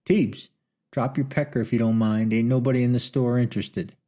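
A man's voice: mid-range voice, fairly even intonation, brisk, warm tone, lightly acted. A man voicing a cocky young Old West outlaw who mocks his friends in a drawling frontier way. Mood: mocking. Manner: drawling, teasing frontier talk.

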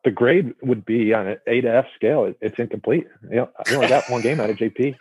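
A young man appearing as a podcast guest, trading quick jokes in an easygoing, casual chat. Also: medium pitch, darkish tone, breathy edge, dry recording, rough recording. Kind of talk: casual chat over drinks.

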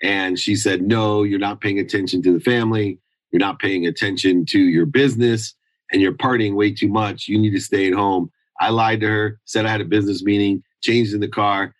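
A man's voice: fairly low pitch, dry recording, poor audio. A middle-aged man telling a candid life story in an interview, intense and confessional, acting out the people he quotes. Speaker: guest.

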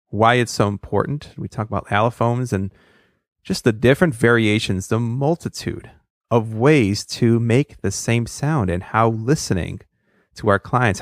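A man hosting a speech pathology podcast, talking in a relaxed, chatty way with musing asides. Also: mid-range voice, dry recording, studio quality. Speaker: podcast host. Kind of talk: podcast intro and interview.

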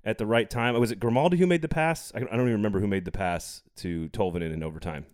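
A man hosting a sports podcast in casual chat, chatty and quick to laugh, steering the talk back on track. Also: lowish voice, a little mellow, dry recording, studio quality.

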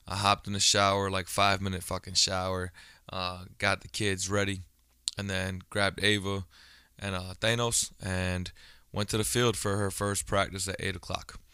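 A man's voice: sits low, flat delivery, moderate pace, sharp tone, smooth, no room sound, studio quality. A man in his thirties talking casually on his own podcast, a blunt storyteller who swears freely. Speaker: podcast host. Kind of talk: casual solo podcast monologue.

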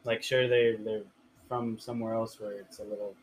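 A man's voice: on the low side, flat delivery, moderate pace, over a noisy crowd, low-quality recording. A young man from the Riverside area, telling a story in a casual, profane podcast chat full of filler words. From Riverside area, California. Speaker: podcast host.

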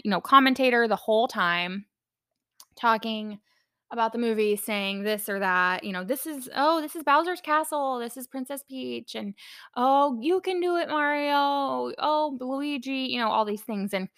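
A young woman hosts a casual personal podcast, her voice bright and edged with vocal fry. She talks candidly and chattily, leaning on fillers and the odd swear word. The sound is close and dry, with no room around it. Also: mid-range voice, no echo. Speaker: podcast host.

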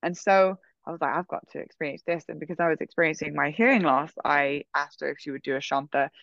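A woman casually telling a long personal story, full of fillers like "like" and "um", animated in her delivery. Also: sits low, fast talker, gravelly, dry recording, dull audio.

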